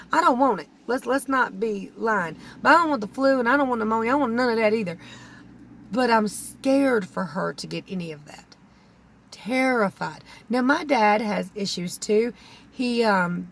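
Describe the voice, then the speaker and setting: A woman's voice: fairly high pitch, gravelly, a bit bright, slight background noise. A woman, a keto vlogger pleading earnestly with viewers, close to tears. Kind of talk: emotional vlog talk to camera.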